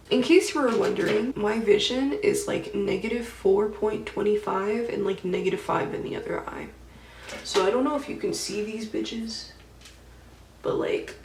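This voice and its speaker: A woman's voice: mid-range voice, distant mic, a little hiss or hum. A woman chatting through her makeup routine in a loose, unfiltered vlog style, cursing freely as she retells dreams. Her voice sits back from the mic in a roomy, echoing space. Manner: chatty, swears freely, reads dreams aloud with animated retelling. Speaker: beauty vlogger. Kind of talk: casual get-ready-with-me chat.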